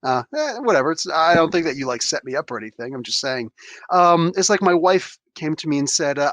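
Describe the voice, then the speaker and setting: A podcast host talking in a casual chat, a man whose voice sits a little high for a man. He gets worked up and rambles, with many restarts. The recording is close and dry, with no room sound. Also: expressive, fairly quick, fairly bright tone, no room sound.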